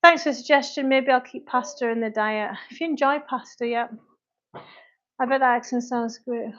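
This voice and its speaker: A chatty British woman in her thirties with a fairly high voice hosts a casual fitness livestream from her kitchen. She reads viewers' comments aloud and keeps stopping to look after her children. The sound is dull and lo-fi. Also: fairly even intonation, moderate pace. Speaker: fitness coach. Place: home kitchen.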